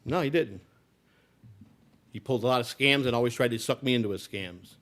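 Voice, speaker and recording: A middle-aged man from the United States telling his life story bluntly and profanely, dropping to low mutters and then rising to loud outbursts. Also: fairly quick. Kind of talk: raw personal storytelling.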